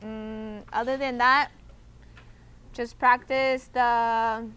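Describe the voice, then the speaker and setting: High, bright-voiced woman teaching a class. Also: flat delivery, drawn-out words, smooth, highs cut off. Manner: patient, repeats "okay?" to check understanding. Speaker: Spanish teacher. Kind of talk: classroom instruction.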